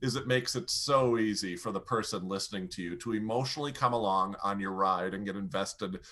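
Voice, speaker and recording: A man speaking as a presentation coach, animated and explaining with lively shifts in pace and loudness. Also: lowish voice, a little fast. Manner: demonstrates pace and volume changes, animated. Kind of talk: energetic coaching talk.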